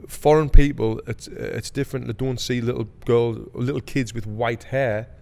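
A middle-aged man, co-hosting a podcast, telling a story in casual chat, animated and swearing, acting out the voices of the people he quotes. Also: mid-range voice, moderate pace, vocal fry, long reverb tail. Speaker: podcast co-host.

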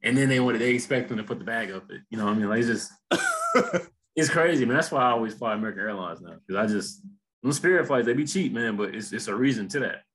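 A man's voice: medium pitch, big pitch swings, fast, fairly bright tone, rough recording. A man co-hosting a podcast in casual chat, talking in a laid-back, slangy way and laughing often. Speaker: podcast co-host.

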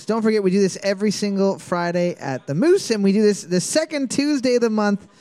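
Running a live bar trivia night, a man with a notably high, expressive voice and a darkish tone reads out questions and scores like an announcer. Between them, he slips in quick jokes.

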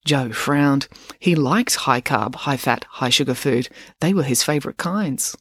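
A woman narrating a children's story with expressive, animated delivery. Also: rumbling low, unhurried, slightly rough, no room sound. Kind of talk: audiobook narration.

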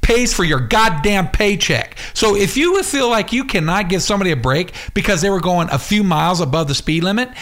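A man's voice: animated, a little fast, few pauses. A man hosting an internet radio show, ranting angrily with heavy swearing, then chatting casually about upcoming shows. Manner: yelling, swearing, raising pitch in anger. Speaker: podcast host. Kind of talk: angry profane rant.

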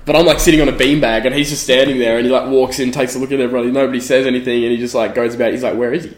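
A man's voice: mid-range voice, steady tone, very fast. A young man telling a long story on a casual podcast, laughing often. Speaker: podcast co-host. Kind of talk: casual chat. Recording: echoey room.

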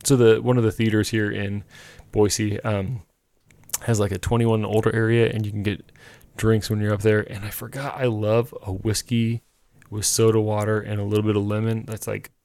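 A man's voice: lowish voice, little pitch movement, moderate pace, vocal fry, darkish tone, no room sound, clean studio sound. A man in his thirties from the US, hosting a podcast in a rambling, chatty way. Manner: rambling, chatty, with filler words. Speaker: podcast host. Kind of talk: casual chat.

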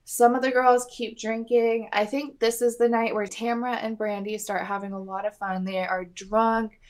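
A woman's voice: a little high, little pitch movement, normal speed. A woman co-hosting a podcast, recapping a reality show in chatty, casual talk full of "like". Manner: chatty, lots of "like", acts out quotes. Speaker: podcast co-host.

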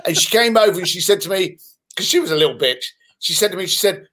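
An interview guest in his 50s from London, speaking London English, tells stories in casual conversation with animation, swearing and laughter. His voice is high-pitched and his pace is quick.

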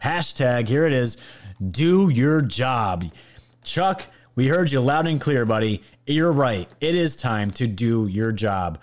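A man's voice: mid-range voice, animated, measured pace, few pauses. A man hosting a political commentary show, reacting to clips with mocking, incredulous asides to his viewers.

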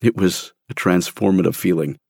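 A man with a very deep, gravelly voice reads his own life story aloud, candid and wry, leaning on key words for emphasis. The sound is dry and close, with no room around it. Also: moderate pace, a little mellow, no echo. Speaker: memoir narrator. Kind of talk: scripted first-person storytelling.

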